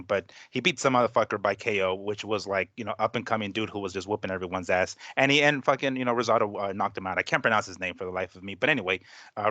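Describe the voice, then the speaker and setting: A man's voice: fairly low pitch, pushed and bright, no room sound. A man on a boxing podcast panel, rambling and swearing freely with lots of fillers. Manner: rambling, profane, full of fillers. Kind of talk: casual boxing talk.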